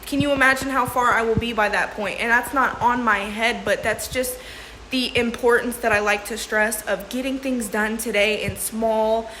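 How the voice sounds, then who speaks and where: In an echoey room with faint ambience and a little hiss or hum, a young woman vlogs casually in a slightly high, pushed, bright voice at a moderate pace with steady tone. Emotional, she laughs through tears and keeps calling people "bro" and "sis."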